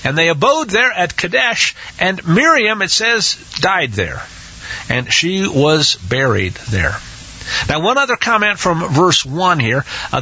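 A man's voice: on the high side, bright, forceful tone, breathy edge. A man teaching a scripture study, hesitant with many restarts and acting out the quotes, on a dull lo-fi recording. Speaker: Bible teacher.

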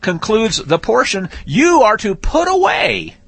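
Husky, high-pitched, lively male Bible teacher. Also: measured pace. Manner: lively, folksy, conversational; rereads verses with shifting emphasis. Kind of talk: Torah portion teaching.

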